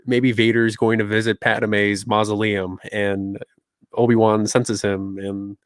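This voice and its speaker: A man co-hosting a podcast, chatting in an animated, speculative way. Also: on the low side, measured pace, clear, resonant tone, no echo, studio quality. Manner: animated, speculative fan talk. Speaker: podcast co-host. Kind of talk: casual chat.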